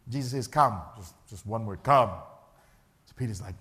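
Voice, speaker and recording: A man's voice: lowish voice, fairly quick. A male pastor, preaching a sermon in a church and acting out the people in his story. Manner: animated, acts out the characters' voices.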